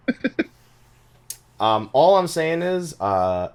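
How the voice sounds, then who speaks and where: A man hosting a casual gaming podcast, talking in an animated way, swearing and laughing often. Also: a little high, very slow, long pauses, clean tone. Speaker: podcast host.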